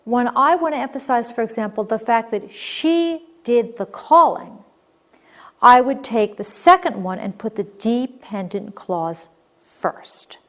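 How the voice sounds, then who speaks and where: A woman teaching a recorded grammar lesson, explaining clearly and patiently. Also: a little high, expressive, measured pace, fairly bright tone.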